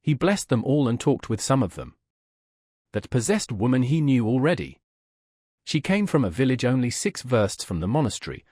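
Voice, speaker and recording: A man narrating a classic novel as an audiobook in a measured, storytelling manner. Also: mid-range voice, a little mellow, dry recording, clean studio sound.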